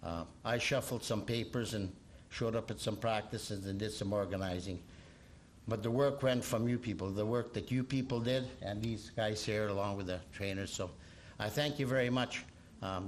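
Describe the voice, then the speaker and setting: A man giving a modest, halting thank-you speech at an awards ceremony. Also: fairly low pitch, slight background noise. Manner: modest, halting, with many fillers.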